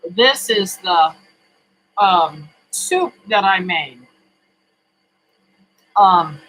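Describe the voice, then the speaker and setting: A homesteading vlogger talks to camera from a home kitchen in an unhurried, drawn-out way. The voice is bright and forward. The delivery is folksy and rambling, full of ums and uhs. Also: medium pitch, animated, low-quality recording. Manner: folksy, rambling, with many fillers. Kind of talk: casual chat to camera.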